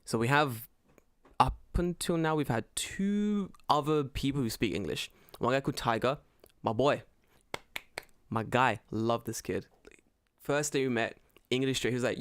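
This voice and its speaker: A man co-hosting a podcast, telling stories in an animated way, swearing freely and acting out what people said. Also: mid-range voice, normal speed, no echo, studio quality. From United Kingdom. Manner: animated storyteller, swears freely, acts out quotes. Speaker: podcast co-host. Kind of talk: casual chat.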